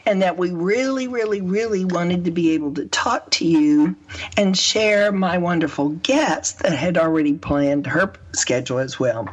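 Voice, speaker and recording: A woman hosting a radio show in a chatty, effusive way. Her voice sounds lower and husky from a pollen allergy. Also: highs cut off, slight background noise. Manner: chatty and effusive, with drawn-out emphasis. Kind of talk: casual hosting chat.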